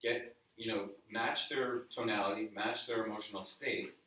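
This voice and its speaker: A man with a lowish voice coaches a live audience in casual, conversational style and keeps asking the room questions. He is recorded from across a very echoey meeting room, so his voice sounds distant and roomy, with a faint hiss underneath. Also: steady tone, normal speed, bright, forceful tone. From New York area. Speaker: workshop presenter. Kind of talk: live sales training talk.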